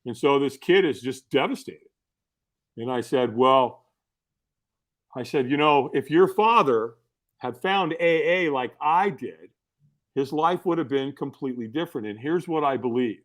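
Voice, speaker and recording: A middle-aged man with a mid-range voice tells stories as a guest on a podcast, speaking at a moderate pace in a casual, animated way full of filler words and restarts.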